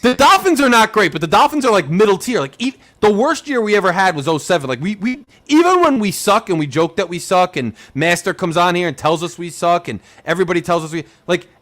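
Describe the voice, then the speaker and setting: Animated high-voiced young man ranting. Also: fast, hardly any pauses. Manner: animated, ranting, rhetorical questions, says "like" a lot. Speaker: podcast host. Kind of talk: excited sports fan chat.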